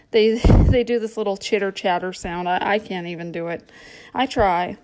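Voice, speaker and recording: A woman's voice: mid-range voice, normal speed, a little mellow. A woman reading a children's storybook aloud as a playful guessing game.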